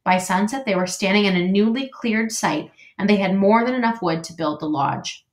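Teacher lady reading a kids book out loud, steady and clear, mid pitch, roomy echo. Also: moderate pace. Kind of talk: reading a storybook aloud to a class. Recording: echoey room.

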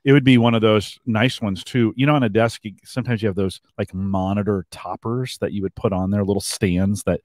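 Low-voiced rambling male podcast host. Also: steady tone, brisk, few pauses, a little mellow, no room sound, studio quality. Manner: rambling, filler-heavy, reads chat comments. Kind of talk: casual live-stream chat.

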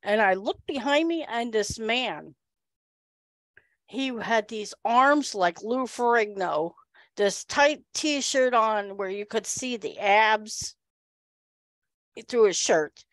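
A woman giving a humorous storytelling speech at a speaking club, animated and acting out the people in her story. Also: on the high side, slow, no echo.

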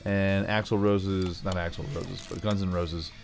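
Brief: low-pitched Philly guy, rambling gameplay commentary, faint music under. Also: little pitch movement, slow, vocal fry. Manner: chatty, rambling asides, playful voices. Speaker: gaming YouTuber.

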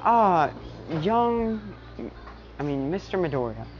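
A woman voicing a polite small animal who runs a school, in a low, plain voice. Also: sing-song, slow, a little hiss or hum. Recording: dull lo-fi recording.

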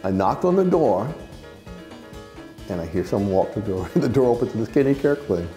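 A man's voice: medium pitch, animated, fast, warm tone, soft background music. A man, a jazz musician, recalling memories in an earnest, reflective way during an interview. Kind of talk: storytelling interview.

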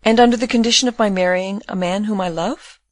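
A woman's voice: mid-range voice, fast talker, no echo, clean studio sound, lightly acted. A woman voicing a devoted young girl in grief, speaking in a pleading, distraught way.

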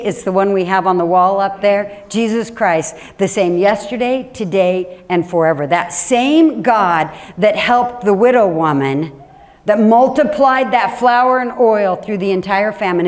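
A woman pastor preaching a sermon in a church, animated and emphatic, with sudden drops to a quiet, low voice. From Washington State.

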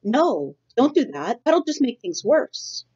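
A woman's voice: fairly high pitch, big pitch swings, takes it slowly, a little mellow, slightly rough, voice pushed up, full character voice. A woman reading aloud voices a young male gosling who talks in a childlike, questioning, whiny way. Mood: sulky. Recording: dull lo-fi recording.

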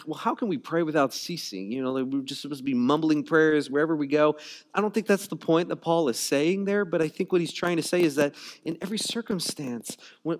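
A man preaching a sermon as a pastor, in a loose conversational way, often repeating words and saying "you know" and "like.". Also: fairly high pitch. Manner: conversational, repeats words while searching for phrasing.

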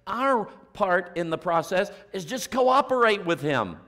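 A pastor preaching with a voice that swings widely in pitch, set a little higher than most men. He throws out rhetorical questions and then sinks to a hushed near-whisper to drive a point home. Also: very animated, a little slow. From United States. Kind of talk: sermon.

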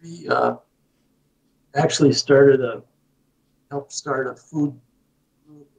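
Slow-talking older man in his eighties. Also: medium pitch, darkish tone, recorded from a distance, rough recording. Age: 80s. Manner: unhurried, halting, with frequent "uh" fillers. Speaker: guest. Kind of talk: casual storytelling.

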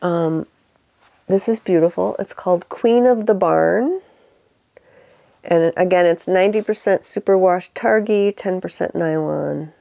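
Gravelly woman with an upstate New York accent. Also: lowish voice, a little slow, dark tone, no echo. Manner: chatty, laughs often, fillers and asides. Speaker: knitting podcast host. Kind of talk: casual show-and-tell chat.

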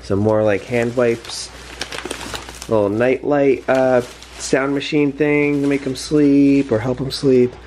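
A young man with a hoarse, sick voice, chatting casually in a morning home vlog and clearing his throat often. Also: mid-range voice, steady tone, takes it slowly, darkish tone, slight background noise. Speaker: vlogger.

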